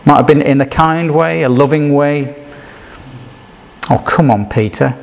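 Higher-pitched man preaching conversationally. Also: unhurried, vocal fry. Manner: conversational, rhetorical questions, acts out quoted lines. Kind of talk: sermon.

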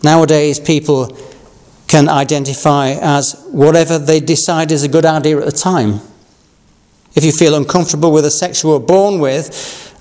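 A man from Yorkshire preaching an Easter sermon, reading scripture and talking in a measured, conversational way with asides. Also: a little high, a little mellow. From Yorkshire, England. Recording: long reverb of a large hall.

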